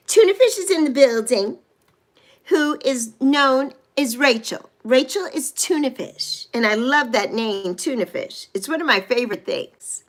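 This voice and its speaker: This is a woman in her sixties hosting a casual livestream, her voice high and bright. She is unhurried and gushes with excitement, her pitch leaping around as she greets viewers one by one. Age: 60s. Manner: effusive, greets viewers by name with squeals of delight. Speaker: livestream host.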